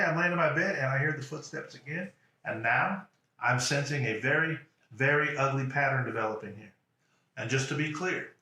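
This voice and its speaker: A man telling a personal story as a motivational speaker, in a halting, conversational way with many restarts. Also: fairly high pitch, pushed and bright. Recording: echoey room.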